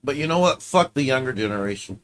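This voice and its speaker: A man's voice: medium pitch, expressive, quick pace. A man streaming casually, reacting to clips with offhand, profane commentary.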